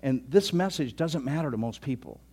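A pastor in his sixties telling a story in a sermon, chatty, often repeating himself and dropping to a soft voice. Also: mid-range voice, expressive, a little fast, slightly rough. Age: 60s. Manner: conversational, repeats words, drops to soft tones.

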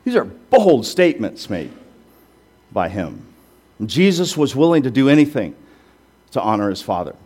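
A man's voice: fairly low pitch, sing-song, moderate pace, long pauses, darkish tone. A male pastor preaching a sermon in a conversational way, with rhetorical questions and self-deprecating asides.

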